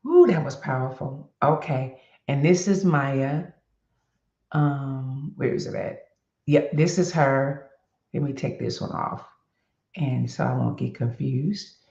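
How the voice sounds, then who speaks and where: A woman hosting a casual motivational vlog, talking to her viewers in an animated, chatty way. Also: very deep voice, slow, gravelly. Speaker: host. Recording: echoey room with dull lo-fi sound.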